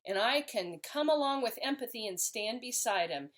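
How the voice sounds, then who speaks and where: A woman's voice: on the high side, lively intonation, normal speed. Earnest woman teaching parents. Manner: earnest and explanatory, with occasional restarts. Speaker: parenting educator. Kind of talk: instructional talk to camera.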